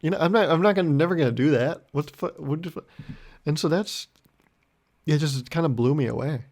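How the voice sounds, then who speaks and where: A young man hosting a solo podcast, telling rambling deadpan stories full of swearing and acting out both sides of a conversation. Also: on the high side, fairly quick. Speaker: podcast host. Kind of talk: solo comedic storytelling podcast.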